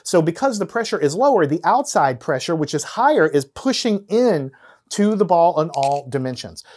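A man's voice: on the high side, sing-song, moderate pace, darkish tone, slightly rough. A man teaching physics, explaining hands-on demonstrations step by step and counting down before each one. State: out of breath at times from blowing. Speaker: science teacher.

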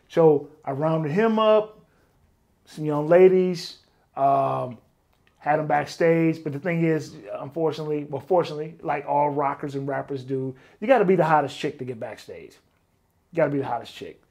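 A man telling stories as an interview guest, animated, swearing freely, peppering his talk with "man" and acting out other people's lines. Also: fairly high pitch, moderate pace. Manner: animated, swears often, keeps saying "man". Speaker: interview guest, former bodyguard. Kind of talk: casual storytelling.

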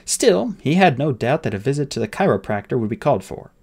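A man reading an audiobook aloud with expressive, dramatic narration. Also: medium pitch, fast, creaky, breathy edge.

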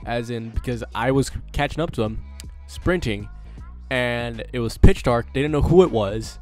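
A man's voice: mid-range voice, moderate pace, soft background music. A teenage boy telling a story casually to camera as a vlogger, rambling and swearing with lots of fillers.

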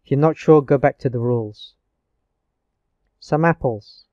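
A man teaching a grammar lesson online, explaining slowly and patiently with frequent checks of "okay". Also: mid-range voice, warm tone, dry recording, dull audio. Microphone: screencast recording mic.

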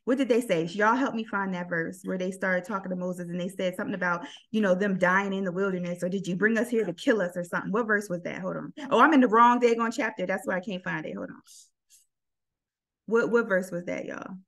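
A woman's voice: medium pitch, brisk. A woman leading a casual Bible study, reading verses aloud and calling on the group to help. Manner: animated, reading scripture aloud and asking the group.

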